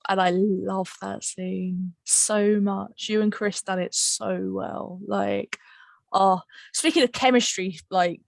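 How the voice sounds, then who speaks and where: A woman's voice: mid-range voice, steady tone, slow pace, vocal fry, dry recording. A woman hosting a casual podcast chat about her audio drama, bubbly and rambling, laughing often between fillers. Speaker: podcast host and writer-director.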